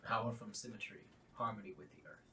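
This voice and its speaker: A man running a tabletop game as game master, narrating in a measured, descriptive way, recorded roomy from a distance. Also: fairly low pitch, little pitch movement, pushed and bright. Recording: roomy, distant mic, faint hiss.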